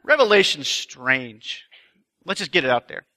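A man's voice: fairly high pitch, very animated, a little slow, sharp tone. A man speaking at a retreat, telling self-deprecating stories in a chatty sermon to a live audience. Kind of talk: sermon with a humorous personal story. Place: live talk before an audience.

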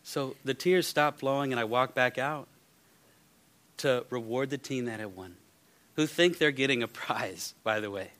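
A man preaching a sermon, firing rhetorical questions and moving between loud and hushed delivery. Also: medium pitch, a little slow. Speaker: pastor.

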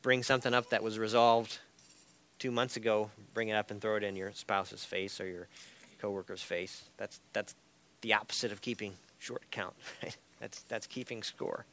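Low-voiced man teaching a Bible class. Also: steady tone, normal speed, fairly bright tone. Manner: tags points with "right?" and light chuckles.

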